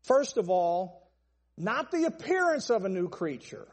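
A man's voice: high-pitched, big pitch swings, a little slow, in a large hall. A man preaching a sermon, stressing points through long repeated lists. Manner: emphatic, repetitive list-style preaching.

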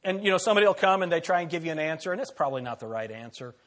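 A man preaching a sermon as pastor, repeating key phrases, asking the congregation questions, and swinging between loud declarations and hushed asides. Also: on the high side, animated, very fast.

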